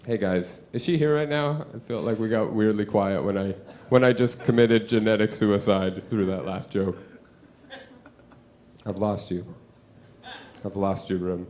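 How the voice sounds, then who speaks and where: A young man doing a stand-up set in a comedy club, rambling and self-deprecating, with lots of "like" and quick asides to the crowd. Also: lowish voice. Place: comedy club with live audience.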